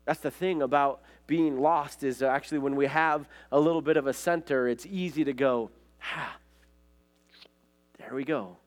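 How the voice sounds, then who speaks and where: Here a man from Montana preaches at normal speed, his slightly high voice fairly even in intonation and hardly pausing at all. The pastor keeps his sermon conversational, telling stories casually with frequent "like" and "right?".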